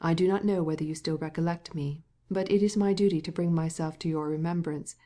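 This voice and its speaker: A man's voice: on the high side, steady tone, fairly quick, dark tone, close to an everyday voice. Storybook aristocrat, older man, dry irony, read by a woman narrator. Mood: courteous. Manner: courteous. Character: polite ironic elderly Russian prince.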